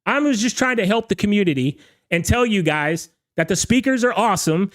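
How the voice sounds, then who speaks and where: High-voiced ranting DJ host, a little hoarse. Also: male voice, animated, fairly quick. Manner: emphatic, ranting, repeats "okay?" and "all right?". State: slightly hoarse from talking all night. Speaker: DJ show host. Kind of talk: casual livestream rant.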